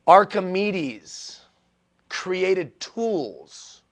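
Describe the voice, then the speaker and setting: Animated man telling stories to a crowd. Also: high-pitched, very slow. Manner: animated storytelling with self-deprecating humor; repeats phrases for emphasis. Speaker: motivational speaker. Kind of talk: motivational keynote talk. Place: stage before a live audience.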